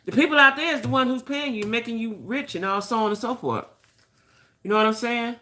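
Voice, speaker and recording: A woman's voice: on the high side, fairly quick, pushed and bright. An older woman hosting a casual gossip chat, opinionated and chatty, talking straight to her viewers. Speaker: host.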